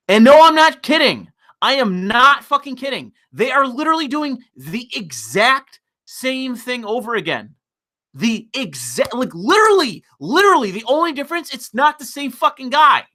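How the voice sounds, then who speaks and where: A man's voice: extremely high pitch, big pitch swings, normal speed, sharp tone. Profane, exasperated ranting man. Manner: repeats words and restarts when worked up. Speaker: political commentator. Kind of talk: livestream political commentary.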